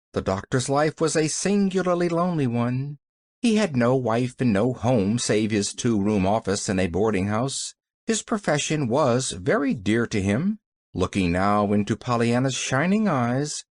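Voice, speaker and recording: A male audiobook narrator with a medium-pitched voice tells the story expressively. The recording is studio quality with no room sound.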